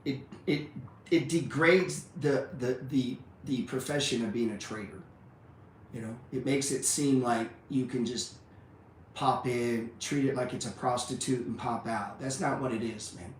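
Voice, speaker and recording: A man of middling pitch delivers a blunt, profane motivational rant, leaning on "man" and "dude". He sounds like a trading teacher pushing his students hard. His voice rings in a very echoey room from some way off the mic, with faint noise beneath. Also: measured pace, recorded from a distance. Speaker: trading educator.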